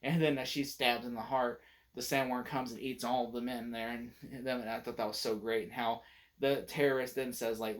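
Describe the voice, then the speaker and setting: Man, movie reviewer, casual rambling recap, lots of fillers, excited. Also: mid-range voice, brisk. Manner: rambling, many filler words and restarts, excited retelling of scenes.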